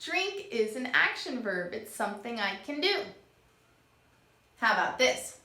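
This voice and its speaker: A woman teaching young children, acting out each word she explains in a slow, animated way. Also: fairly high pitch. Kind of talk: children's lesson. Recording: echoey room.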